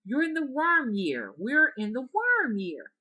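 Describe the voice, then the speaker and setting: A woman's voice: sits high, wildly swooping pitch, a little slow, bright, forceful tone, voice pushed up, exaggerated voice. A woman voicing a little hunchbacked woman from another world who insistently repeats herself. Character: little hunchbacked otherworld woman, easily frustrated.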